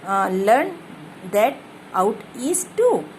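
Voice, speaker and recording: A woman reading the lines of a timid, polite woman in her forties in a soft, slow manner. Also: fairly high pitch, big pitch swings, slight background noise, heavily acted, low-quality recording.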